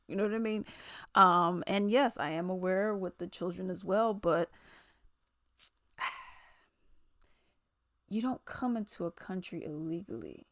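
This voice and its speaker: A woman giving casual commentary, sarcastic and animated, often mimicking others in quoted voices. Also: medium pitch, moderate pace, dry recording, clean studio sound. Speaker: commentary vlogger.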